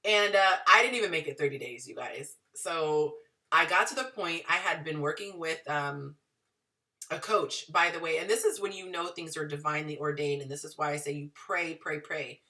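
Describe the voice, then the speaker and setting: A woman in her thirties telling her story to viewers in a chatty, animated way. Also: low voice, normal speed, far from the mic. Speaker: dating and relationship advice vlogger.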